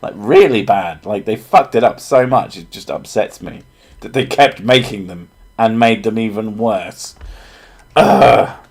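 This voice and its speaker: A man's voice: fairly low pitch, lively intonation, unhurried, breathy edge. A man from England, joking and swearing in a casual chat as a streamer. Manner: joking, swears freely, slips into silly voices.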